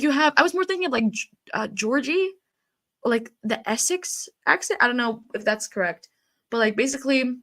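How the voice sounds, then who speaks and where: A woman live-streaming, chatting loosely and answering her chat as she goes. Her voice is mid-pitched and slightly stuffy from a blocked nose, with frequent fillers and easy laughter. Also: a bit bright. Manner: chatty, reads chat aloud, laughs often, frequent ums and likes.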